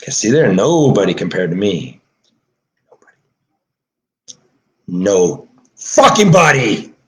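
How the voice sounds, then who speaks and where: A man delivering an emotional monologue, agitated and swearing, swinging from low mutters to shouting. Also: big pitch swings, takes it slowly. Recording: echoey room.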